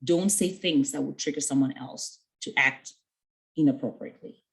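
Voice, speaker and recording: A woman's voice: low voice, normal speed, creaky, low-quality recording. A woman giving an earnest mentoring talk to young women, conversational and full of stories with quoted dialogue. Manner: conversational with fillers.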